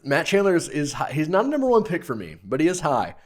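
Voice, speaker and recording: A man's voice: a little high, huge pitch swings, fast. A man co-hosting a church podcast, chatting casually. He jokes around and often trails off mid-sentence. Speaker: podcast co-host. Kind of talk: casual chat.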